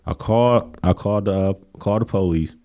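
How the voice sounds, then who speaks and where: Low, mellow-voiced man telling stories. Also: fairly quick. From Kenosha, Wisconsin. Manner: animated storytelling, acts out quotes in a raised voice. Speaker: guest, college coach. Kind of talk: casual storytelling interview.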